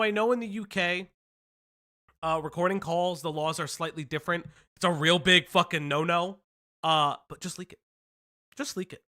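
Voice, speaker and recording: A man's voice: a little high, pushed and bright. A man hosting a livestream commentary show, casual and profane, drifting into tangents. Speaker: stream host.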